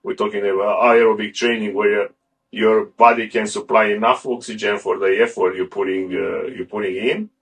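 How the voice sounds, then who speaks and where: Gravelly low-voiced man, off-mic. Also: fairly even intonation, normal speed, a bit bright. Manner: rambling, restarts often. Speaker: guest. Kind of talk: casual interview talk. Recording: a bit far from the mic.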